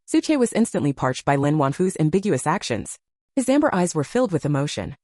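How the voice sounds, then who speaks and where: A woman's voice: on the low side, big pitch swings, fairly quick, a little mellow, no room sound, studio quality. Woman reading a romance novel aloud. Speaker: narrator. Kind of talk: scripted narration of a romance novel.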